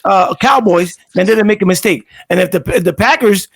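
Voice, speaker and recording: A man co-hosting a casual sports debate, talking in an animated, rambling way with frequent restarts. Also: high voice, a little fast, creaky, husky. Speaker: sports talk host.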